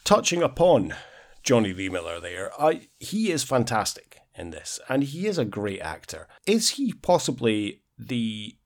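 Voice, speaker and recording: A man's voice: on the low side, very animated, normal speed. A man co-hosting a podcast, reviewing a film in casual, hesitant talk full of stammered restarts. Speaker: podcast co-host.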